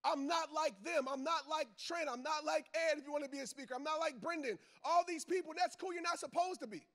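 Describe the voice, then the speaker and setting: Guy with a really high voice preaching motivation at a crowd, punchy, repeats his big lines, slangy. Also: a little fast, a bit bright. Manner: casual Southern slang, talks straight to the crowd. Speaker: motivational speaker; football coach, father. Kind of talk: motivational speech to a live audience.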